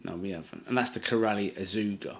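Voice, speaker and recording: A man's voice: on the low side, quick pace. Laid-back jokey man. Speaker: channel co-host. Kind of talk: casual chat.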